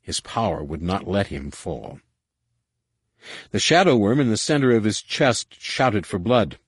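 Low-voiced man narrating a thriller. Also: very animated, husky, dry recording. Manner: dramatic, measured storytelling. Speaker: audiobook narrator. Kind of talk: scripted narration.

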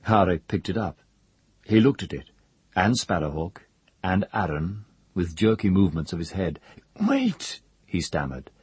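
A man narrating a fantasy audiobook in a measured, even storytelling manner. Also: deep voice, breathy edge, no room sound. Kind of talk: scripted narration.

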